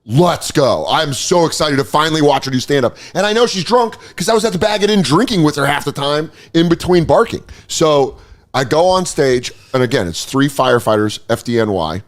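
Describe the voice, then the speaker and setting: This thirties-aged comedian has a brisk, rather high male voice. Telling a story in casual chat, he is animated, acts out the quotes, and laughs partway through.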